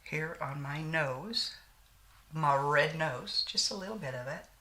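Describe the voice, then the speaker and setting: A woman in her sixties chats away as she does her makeup, trading homespun stories and sayings with a slight lingering cough. Her voice sits low but has a bright, forceful edge to it. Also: animated, takes it slowly. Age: 60s. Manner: chatty storyteller with frequent laughs and folksy sayings. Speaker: beauty vlogger. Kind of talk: casual chat while doing makeup.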